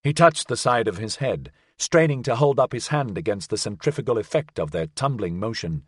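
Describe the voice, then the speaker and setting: A man reading a science fiction audiobook as narrator, with a measured, expressive delivery. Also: medium pitch, slightly rough, dry recording, studio quality. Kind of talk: scripted narration.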